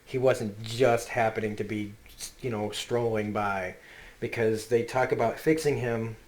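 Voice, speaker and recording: A man's voice: on the low side, steady tone, measured pace, a little hiss or hum. A man reviewing comic books in a casual video, earnest and emotional, often restarting his sentences. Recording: roomy echo.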